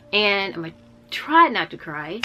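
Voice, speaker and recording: Young woman vlogger, bright clear voice, candid heartfelt storytelling, faint music underneath. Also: medium pitch, big pitch swings, slow. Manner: candid and heartfelt, with frequent fillers and restarts. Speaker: vlogger sharing a personal story. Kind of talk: casual personal storytelling.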